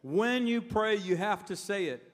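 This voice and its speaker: A man's voice: high-pitched, lively intonation, unhurried. An older man preaching a sermon in a church, telling stories and asking the crowd questions. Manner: storytelling, asks the crowd questions. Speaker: pastor. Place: church sanctuary. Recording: long reverb of a big hall.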